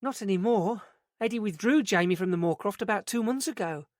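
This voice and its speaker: A man's voice: high voice, a little fast, no room sound, clean studio sound, pitched above the performer's own voice, lightly acted. A man voicing a flustered, fluttery woman manager. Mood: brisk. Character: flustered middle-aged woman, day centre manager. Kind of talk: audiobook character reading.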